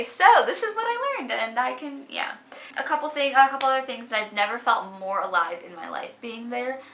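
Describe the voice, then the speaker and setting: A chatty young woman speaks straight to her camera in a loose vlog manner, peppering her talk with "like". Her voice is bright with a gravelly fry at the ends of phrases. The room around her rings with noticeable echo. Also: mid-range voice, slight background noise. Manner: chatty, fills speech with "like". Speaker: vlogger. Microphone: camera mic. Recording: echoey room.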